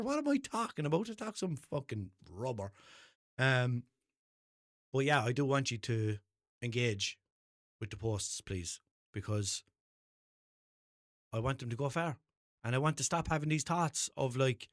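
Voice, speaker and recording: A man's voice: mid-range voice, expressive, a little slow, long pauses, fairly bright tone, no echo, studio quality. A young Irish man with a Limerick accent, rambling through sweary, self-mocking stories on his solo podcast. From Ireland. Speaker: podcast host. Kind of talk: casual solo podcast monologue.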